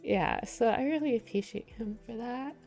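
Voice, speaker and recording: Young woman, livestreamer, casual rambling chat, gravelly fry, near tears, faint music behind. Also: a little high, normal speed, a little mellow. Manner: rambling, filler-heavy, reads chat aloud.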